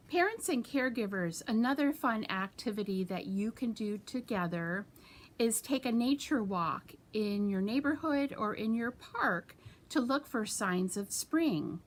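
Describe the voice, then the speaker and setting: Animated woman leading a children's storytime. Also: a little high, measured pace. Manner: animated, with sound effects and hand-motion rhymes. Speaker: children's librarian. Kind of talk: storytime reading and rhymes for children.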